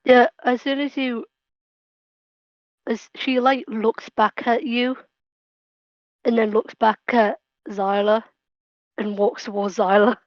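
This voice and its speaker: Female tabletop player, higher voice, giggly, slightly muffled dry recording. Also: level tone, takes it slowly, long pauses, dry recording. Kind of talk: playing a tabletop game.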